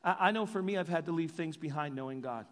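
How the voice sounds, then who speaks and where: A man preaching a sermon as pastor, animated and joking in asides. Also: a little high, fast, long reverb tail.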